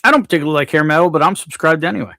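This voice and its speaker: A man hosts a casual livestream in a laid-back way, reading viewers' names from the chat aloud and greeting each one. His voice is on the high side, very fast, pushed and bright with vocal fry. The studio sound is clean with no room sound.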